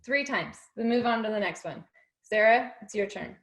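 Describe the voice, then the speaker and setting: A woman's voice: a little high, expressive, normal speed, low-quality recording. A woman leading a group mindset session over a video call, encouraging and emotional, laughing often.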